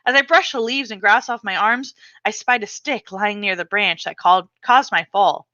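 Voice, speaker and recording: A woman's voice: mid-range voice, moderate pace, no room sound. Woman reading her memoir aloud. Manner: expressive, dramatic reading. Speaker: author. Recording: slightly dull, muffled recording.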